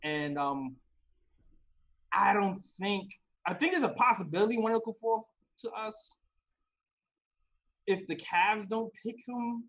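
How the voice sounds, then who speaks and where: An excitable man with a high voice talks sports, opening his lines with "yo." His talk runs quick and eager, and he falls into easy laughter now and then. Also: poor audio. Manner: excitable, says "yo" and "I'm sold". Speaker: podcast co-host. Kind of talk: casual sports chat.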